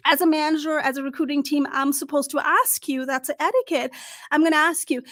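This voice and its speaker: A middle-aged woman coach talks to camera in a high, bright voice, with punchy emphasis and little acted-out phone calls. The sound is dry and close, with no room around her. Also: normal speed, no echo. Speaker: career coach. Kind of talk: direct-to-camera advice talk.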